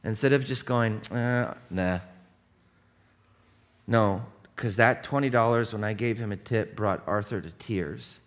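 A male pastor preaching a sermon in a loose, conversational way, telling a personal story and breaking into shouts. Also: on the low side, normal speed, hardly any pauses. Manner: animated, conversational, bursts into shouts. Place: church.

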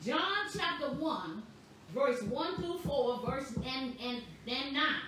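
A woman pastor delivering a sermon, with slow, emphatic preaching that stresses words boldly. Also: sits high, lively intonation, noisy background. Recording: echoey room, voice from a distance.

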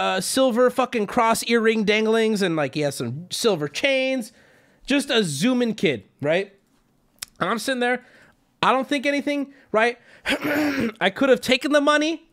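A young man on stream tells his chat a story, casual and swearing, his slightly bright voice jumping into high yelps whenever he quotes himself.

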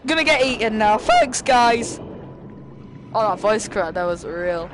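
A man's voice: sits high, animated, unhurried, music in the background. A young man giving jokey, profane commentary while playing a VR game. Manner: jokey, profane, trash-talking. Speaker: gaming video creator. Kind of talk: casual VR gameplay commentary. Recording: noisy game audio behind voice. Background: loud game boat and water sounds.

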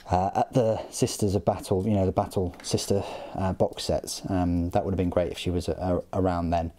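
A man's voice: lowish voice, mellow, a little hiss or hum. A man hosting a casual hobby unboxing, talking in a chatty, joking way with frequent ums and uhs. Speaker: hobby channel host.

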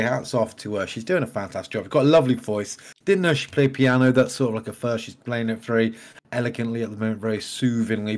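Male co-host, mid-pitched, enthusiastic and rambling, casual reaction chat.

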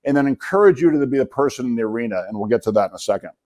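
A man's voice: mid-range voice, expressive, very fast, a little mellow. A man in his sixties, a physician and entrepreneur, giving a keynote talk full of funny, self-deprecating stories. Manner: self-deprecating, anecdotal, joking asides. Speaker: guest speaker, physician and entrepreneur. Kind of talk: humorous keynote storytelling.

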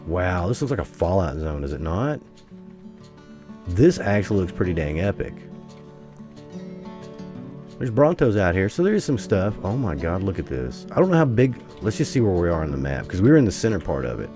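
A deep-voiced American man rambles through his gameplay commentary, his pitch leaping up when excited and dropping into low grumbles. Faint guitar music plays under his voice. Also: normal speed, pauses often. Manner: rambling, exclamatory, swings between excited and grumbling. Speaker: gaming YouTuber.

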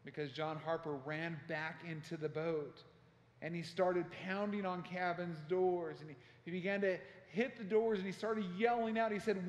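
A man preaching a sermon as pastor, telling a story with passion and acting out shouted quotes. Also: sits high, steady tone, normal speed. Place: church sanctuary. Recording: echoey church hall.

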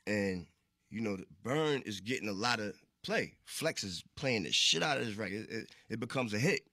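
A man tells his story as an interview guest, loose and profane, voicing the people he quotes. His voice sits low but cuts through with a bright, forceful edge. The sound is close and dry. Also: lively intonation, normal speed, no echo. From Queensbridge, New York.

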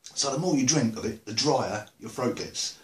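A man's voice: medium pitch, animated, normal speed. An English man chatting casually to camera about beer and music, rambling with dry humor. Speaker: video blogger. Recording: roomy echo.

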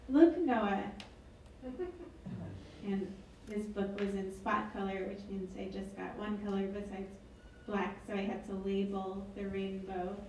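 A woman's voice: medium pitch, completely flat delivery, a little slow, distant mic, a little hiss or hum. A woman author reading her book aloud at an event, with wry, chatty asides. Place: event hall. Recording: echoey hall, mic from afar.

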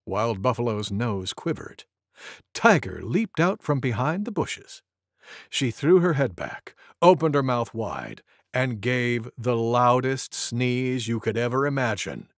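A storyteller reading a children's picture book aloud with an expressive, animated delivery. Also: medium pitch, slow pace, no room sound, clean studio sound. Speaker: storybook narrator.

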